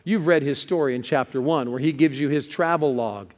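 A man's voice: medium pitch, fairly quick, in a large hall. A male pastor preaching a sermon, telling stories with building urgency.

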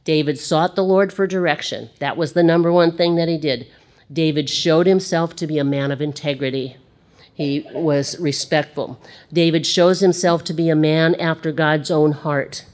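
A woman teaching a Bible study, with conversational, expressive asides between readings. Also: deep voice, normal speed.

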